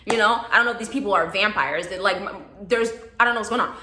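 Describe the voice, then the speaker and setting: A young woman telling a casual storytime in a chatty, animated way, acting out quotes. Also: mid-range voice, fast talker, background noise. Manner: animated, chatty, laughs often, acts out quotes. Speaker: vlogger. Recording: echoey room.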